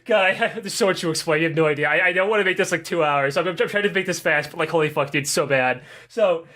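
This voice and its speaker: A man co-hosting a podcast in casual chat, rambling through a profane, animated recap. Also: fairly high pitch, fast talker. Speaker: podcast co-host.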